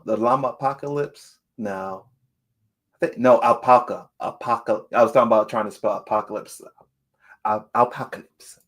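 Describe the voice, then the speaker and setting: A man hosts a livestream and chats casually with his viewers. He talks slowly, laughs often and reads the chat aloud in a playful way. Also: mid-range voice. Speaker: livestream host.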